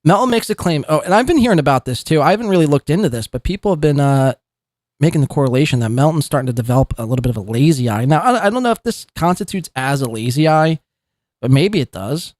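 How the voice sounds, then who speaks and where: Sarcastic male podcast host, animated pitch. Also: fast talker, dry recording. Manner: sarcastic, mocking, swears freely. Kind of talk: commentary on clips.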